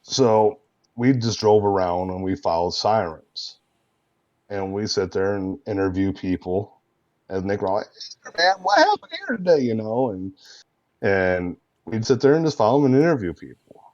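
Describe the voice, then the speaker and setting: A man guest in a casual interview, telling animated, laughing anecdotes with lots of fillers. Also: on the low side, a little slow, dry recording, highs cut off. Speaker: guest, roleplay streamer.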